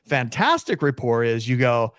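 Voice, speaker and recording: A man's voice: medium pitch, very animated, normal speed, a bit bright, dry recording, studio quality. A man being interviewed on a podcast as a real estate coach, energetically acting out phone scripts. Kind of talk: podcast interview, coaching with role-played calls.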